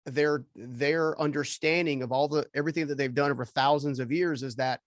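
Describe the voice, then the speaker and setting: A man's voice: on the high side, fairly even intonation, a little fast, no room sound. A man hosting an interview, talking in a searching, rambling way and checking in with "right?". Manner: searching, repeats words and restarts, ends points with "right?". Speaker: podcast host. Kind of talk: casual interview chat.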